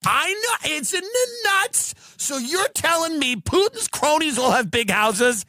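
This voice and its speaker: Ranting, incredulous man with lively pitch. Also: measured pace, no room sound, studio quality. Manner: incredulous, ranting, mocks others in put-on voices. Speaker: podcast host. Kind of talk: comedic rant.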